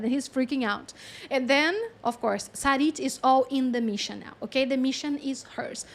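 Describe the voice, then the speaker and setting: A woman channeling a story in a chatty, animated way, with lots of fillers and frequent laughs. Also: high voice, moderate pace. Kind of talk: casual storytelling.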